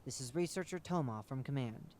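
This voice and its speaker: A man's voice: medium pitch, animated, a little fast, a little mellow, natural voice. A man doing a curt, scornful lady researcher. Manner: curt, cold, commanding. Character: impatient, scornful female senior researcher.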